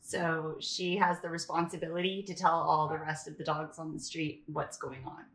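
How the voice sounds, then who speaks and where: A woman's voice: low-pitched, level tone, moderate pace, a bit bright. A woman on a podcast panel with a wry, dry sense of humor, chatting casually. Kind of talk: casual chat. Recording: roomy echo.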